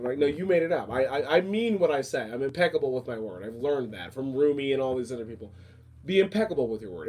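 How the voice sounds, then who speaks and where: A man's voice: fairly high pitch, a little mellow. A man hosting a podcast, talking in a casual, emphatic rant that repeats its points. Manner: emphatic, repetitive, fast rants. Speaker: podcast host. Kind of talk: casual ranting talk.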